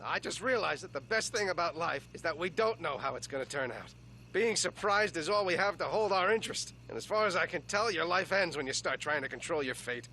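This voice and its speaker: A shrill, frantic cartoon duck. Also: male voice, a little hiss or hum. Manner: shrill, frantic, yelling complaints. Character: crass, frantic middle-aged male duck detective. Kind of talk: 1990s TV cartoon voice acting.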